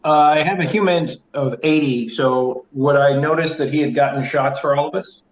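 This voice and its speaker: A man's voice: on the high side, moderate pace, low-quality recording. A man playing a tabletop game, brief and matter-of-fact. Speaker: player.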